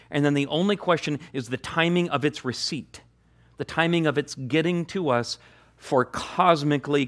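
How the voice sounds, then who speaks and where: A male pastor delivering a sermon in an earnest, emphatic manner. His voice sits a little high for a man, and he returns to key phrases again and again to drive them home. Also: a bit bright.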